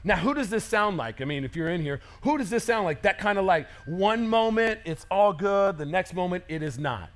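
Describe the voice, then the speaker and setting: Man, pastor, sermon, high-pitched, lively conversational preaching. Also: moderate pace, hardly any pauses. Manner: energetic, conversational preaching with acted-out quotes.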